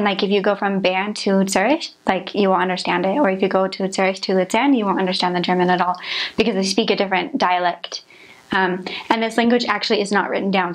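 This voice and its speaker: A woman's voice: mid-range voice, rough recording. A young adult woman, a former missionary, explaining in a chatty, rambling way with many filler words. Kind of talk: casual conversational explanation.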